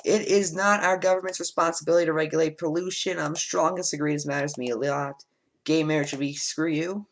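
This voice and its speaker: A man's voice: on the high side, steady tone, brisk, poor audio. Casual man reading a quiz aloud. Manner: reads statements then answers bluntly, with frequent ums. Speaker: let's play host.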